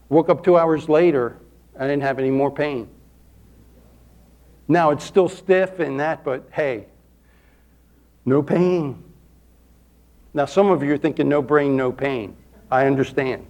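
A man's voice: fairly high pitch, unhurried, long pauses, a little mellow. A man pastor preaching a folksy, emphatic sermon to his congregation in a church, repeating words for stress and asking for amens. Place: church sanctuary.

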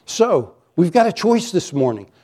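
Mellow-voiced man preaching a sermon. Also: high voice, very animated. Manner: emphatic, varies pace, slows for key lines, rises when acting out accusations. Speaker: pastor. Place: church sanctuary with a congregation.

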